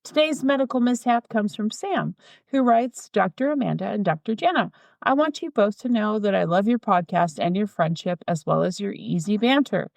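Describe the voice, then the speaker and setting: A woman's voice: medium pitch, expressive, normal speed, vocal fry, no echo. A chatty woman who keeps breaking into giggles as she reads out listener mail. Her voice sits mid-range, and the podcast sound is dry and close to the mic. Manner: giggly, chatty, reads aloud with playful asides. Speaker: podcast co-host. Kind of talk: casual chat and reading listener mail.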